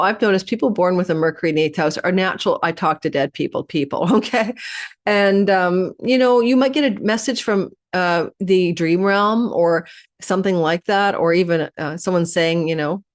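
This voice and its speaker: This weekly horoscope comes from a middle-aged astrologer whose low-pitched delivery is quick and full of energy. Facing the camera, she speaks to her audience one sign at a time.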